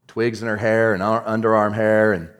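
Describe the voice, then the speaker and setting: A male pastor telling a story in a sermon, swinging between hushed storytelling and shouting. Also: lowish voice, flat delivery, moderate pace, clear, resonant tone, in a large hall.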